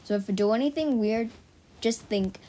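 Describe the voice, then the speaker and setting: A woman's voice: on the high side, normal speed, mellow. A teenage girl rambling casually to her viewers in a silly, chatty vlog, full of "like" and tangents. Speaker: vlogger.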